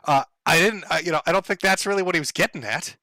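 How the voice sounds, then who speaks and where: A bright-toned man rants sardonically on his livestream, swearing freely and breaking into laughter. His voice sits fairly high and sounds dry and close. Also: quick pace, dry recording. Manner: sardonic, profane, laughs often. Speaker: livestream host. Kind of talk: casual livestream rant.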